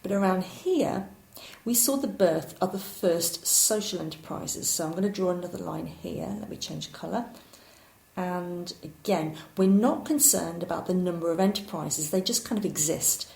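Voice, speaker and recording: A woman giving a recorded course lecture, explaining ideas clearly and at times poking fun at herself. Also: on the low side, normal speed, a little mellow. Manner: clear, explanatory, occasionally self-deprecating. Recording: roomy echo.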